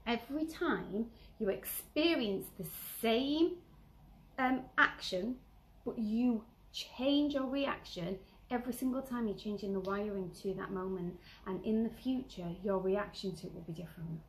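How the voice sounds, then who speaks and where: A woman vlogger giving earnest self-help advice, stressing and repeating key phrases and sometimes dropping to a soft whisper. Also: medium pitch, rough recording. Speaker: lifestyle vlogger. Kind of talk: motivational self-help talk.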